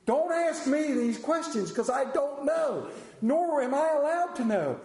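A man preaching a sermon as pastor, conversational and joking, often dropping to a hushed voice. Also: extremely high pitch, big pitch swings, measured pace. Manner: humorous, conversational preaching with sudden hushed drops. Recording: roomy church echo.

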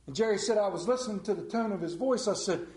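Folksy pastor in an echoey church. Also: male voice, high-pitched, fast. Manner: folksy, drops to a hush for quoted lines. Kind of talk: storytelling sermon.

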